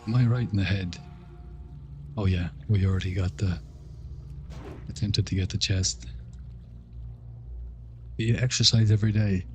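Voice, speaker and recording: Soft music plays behind a man from Ireland who chats with his viewers in a relaxed way during a game stream, thanking them often in his mild Irish accent. His lowish, slightly mellow voice keeps a fairly even intonation at a moderate pace, with frequent pauses.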